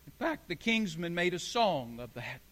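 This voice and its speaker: High, bright-voiced preaching man. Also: very animated, moderate pace, in a large hall. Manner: emphatic preaching with repeated parallel phrases. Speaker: pastor. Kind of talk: sermon.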